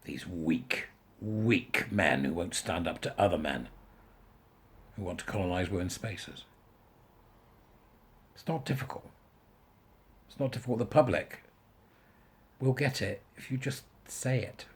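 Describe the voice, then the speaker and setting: Bloke ranting on his vlog, really raspy voice, fed up and blunt. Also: low voice, a little slow. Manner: exasperated, blunt, emphatic. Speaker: vlogger. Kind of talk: ranting casual monologue.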